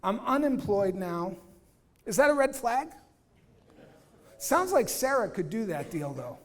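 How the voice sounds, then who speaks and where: A man giving an energetic, blunt real estate training talk, acting out dialogues and quizzing his audience. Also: extremely high pitch, a little slow. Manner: energetic, acts out dialogues, asks audience questions. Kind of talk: live training talk to agents.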